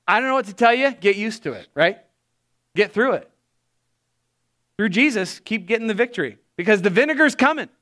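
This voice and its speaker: A man preaching a sermon as pastor, animated and acting out the voices he quotes. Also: high voice.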